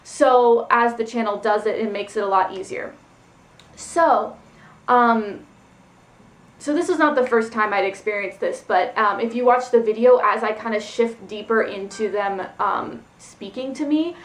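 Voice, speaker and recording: A woman's voice: mid-range voice, unhurried. A woman telling a personal story in a casual vlog, rambling and loose with lots of "like" and "um". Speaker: spiritual vlogger. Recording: echoey room.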